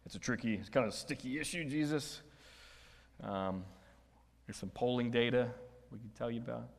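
A man's voice: mid-range voice, moderate pace, vocal fry. Guy pastor giving a sermon, casual and chatty, asks the crowd stuff, long church echo. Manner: conversational, asks the congregation questions. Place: church hall. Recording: long church hall reverb.

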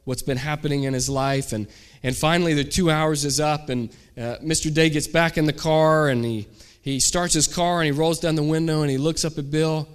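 A man's voice: a little high, normal speed, few pauses, smooth. A man, a pastor, telling a story during a sermon and acting out the people in it. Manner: animated storyteller, acts out shouted quotes.

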